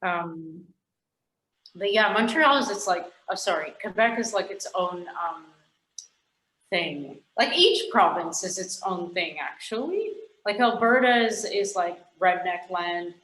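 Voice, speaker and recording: A woman's voice: fairly low pitch, measured pace, fairly bright tone. Frank, rambling Canadian woman in a roomy echo. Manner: rambling, frank, swears casually, laughs often. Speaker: guest scientist. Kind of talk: casual podcast chat.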